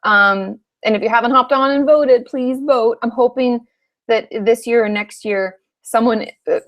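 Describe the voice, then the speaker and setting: A woman's voice: a little high, a little slow, lo-fi sound. A woman in her thirties, a therapist from Washington state, answering viewer questions in a frank, chatty live Q&A, swearing casually now and then.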